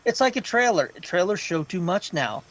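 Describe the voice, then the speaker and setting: Animated man ranting about films. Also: high voice, normal speed, low-quality recording. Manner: animated, swearing, quotes people in raised voice. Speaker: podcast co-host. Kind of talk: casual pop culture chat.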